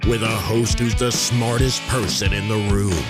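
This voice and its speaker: A man's voice: fairly low pitch, fairly even intonation, a little slow. A man reading a scripted show intro in a dry, mock-grand way. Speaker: show announcer. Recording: voice over loud guitar music.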